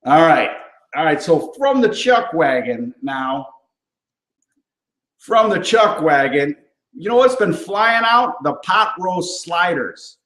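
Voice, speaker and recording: A man's voice: a little high, sing-song, slow pace, a bit bright. A man hosting a cooking show in a rambling, upbeat chat full of fillers and asides. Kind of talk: casual on-camera chat. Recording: roomy echo.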